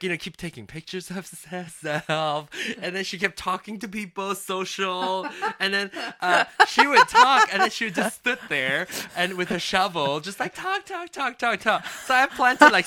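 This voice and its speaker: A woman co-hosting a casual chat show, an animated storyteller who laughs often. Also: lowish voice, no echo. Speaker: podcast co-host.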